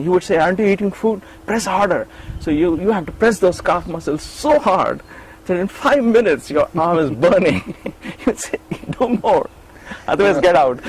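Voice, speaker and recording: A man's voice: a little high, slight background noise, low-quality recording. A middle-aged man recounting memories in an interview, acting out quoted lines with restarts and repeated words. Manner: animated storyteller, acts out quoted lines. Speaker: interview guest, former attendant. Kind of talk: storytelling in an interview.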